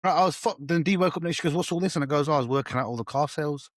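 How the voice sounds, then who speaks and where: A man telling an animated, slangy story in a casual podcast chat, swearing freely. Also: on the high side, very fast, no room sound, clean studio sound. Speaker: podcast co-host.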